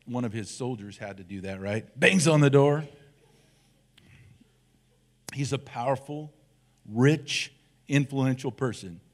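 A middle-aged man delivering a sermon as a church elder, at a medium pitch. He tells the story in a loose, conversational way and drops playful, self-deprecating jokes along the way. His manner is animated and lively.

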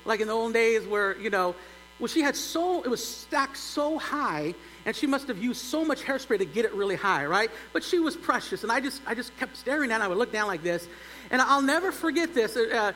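Man preaching, bright tense tone, long church reverb, faint hum behind. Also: extremely high pitch, fairly quick. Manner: animated, builds to loud exclaims. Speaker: pastor. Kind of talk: humorous sermon storytelling.

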